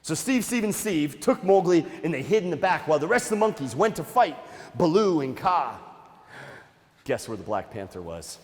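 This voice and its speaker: A man, a nature museum educator, telling a story to children in a playful, animated way and talking straight to the kids. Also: high-pitched, brisk, in a large hall.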